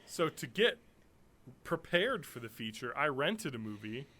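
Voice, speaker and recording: In a sing-song, mid-range voice, a podcast co-host in his thirties chats in a relaxed, animated way, full of laughs and profanity. He's unhurried, and his tone comes across bright and forceful.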